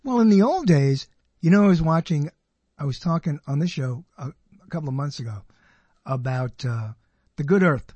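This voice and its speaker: An older man hosting a talk show, his voice a touch higher than most men's and slightly husky. He talks casually, thinks aloud and often restarts a phrase. The sound is dry and close. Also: lively intonation, normal speed, darkish tone, no room sound, lo-fi sound. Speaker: radio show host. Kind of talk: casual conversation.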